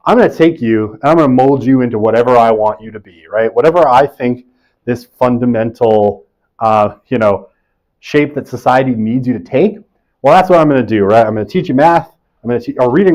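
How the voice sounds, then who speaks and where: A man's voice: mid-range voice, a little mellow, rough recording. A man in his forties giving a conversational university lecture in a classroom, often checking in with "right?" and adding self-deprecating jokes.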